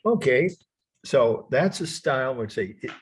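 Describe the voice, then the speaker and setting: A man lecturing on art history over a video call, repeating definitions slowly and correcting himself. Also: medium pitch, expressive, slightly rough. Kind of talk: online lecture. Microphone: computer mic on video call.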